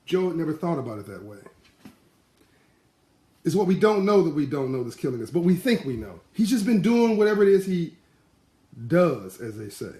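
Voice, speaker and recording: A man giving a live-streamed motivational talk in passionate, animated storytelling. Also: on the high side, moderate pace, pauses often, echoey room. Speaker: motivational speaker.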